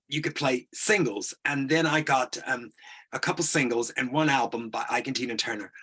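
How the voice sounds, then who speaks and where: A middle-aged man with a husky, bright voice tells a personal story in an interview. He talks hesitantly, with frequent restarts and fillers. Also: mid-range voice. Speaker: interview guest.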